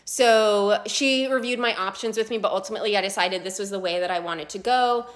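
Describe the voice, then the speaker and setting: A young woman speaks in a relaxed, everyday vlog style. She keeps an ordinary middle pitch, fills her talk with little hesitations, and comes across as earnest and open. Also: brisk. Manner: chatty, filler-heavy, earnest. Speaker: patient sharing her story.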